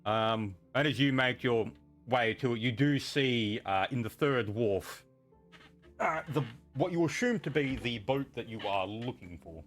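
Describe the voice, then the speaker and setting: A man's voice: medium pitch, expressive, measured pace, a bit bright, faint music behind. A man running a tabletop game as game master, narrating casually with lots of fillers.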